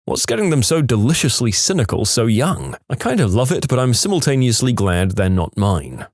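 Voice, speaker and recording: A man narrating funny reddit stories in an expressive, storytelling way. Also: mid-range voice, moderate pace, no room sound, studio quality.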